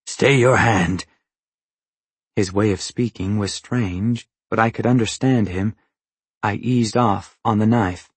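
Man reading a novel, slow and husky, super dry close sound. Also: fairly low pitch, no echo. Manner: measured, even storytelling. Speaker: audiobook narrator. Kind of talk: scripted narration.

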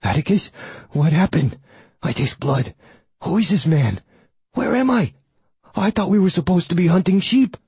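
A man's voice: high voice, expressive, moderate pace, gravelly, long pauses, dark tone, husky, dry recording, pitched above the performer's own voice, exaggerated voice. A man voicing an eager, simple male hound that talks in anxious, plaintive questions, for an audiobook. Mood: confused. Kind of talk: audiobook character voice.

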